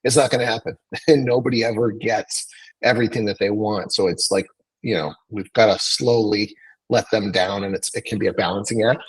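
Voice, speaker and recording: A man's voice: fairly low pitch, steady tone, a little fast, breathy edge, low-quality recording. A man hosting a real estate training call, talking loosely and casually with many fillers. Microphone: video call.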